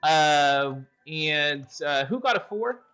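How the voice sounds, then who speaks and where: A man's voice: on the high side, expressive, takes it slowly, bright, forceful tone, smooth. A man running a tabletop game as game master, narrating with lots of hesitant fillers. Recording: dull lo-fi audio.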